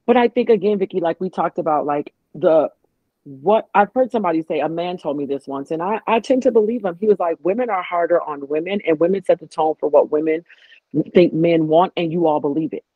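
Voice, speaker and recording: A woman's voice: on the low side, a little fast, no room sound. A woman guest in a casual chat, talking animatedly and acting out what others said. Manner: animated, acts out quotes. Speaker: podcast guest. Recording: tinny phone-like line, dry.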